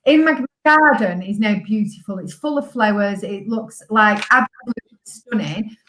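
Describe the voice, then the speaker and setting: A woman's voice: mid-range voice, moderate pace, a bit bright, echoey room, rough recording. A woman who is a guest on a podcast, speaking earnestly and upbeat, laughing easily. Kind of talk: casual podcast chat.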